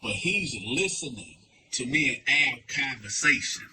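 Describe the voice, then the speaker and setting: A man's voice: medium pitch, unhurried, a little hiss or hum, poor audio. A man host telling a story casually to his viewers, acting out every voice. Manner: animated, acts out every voice.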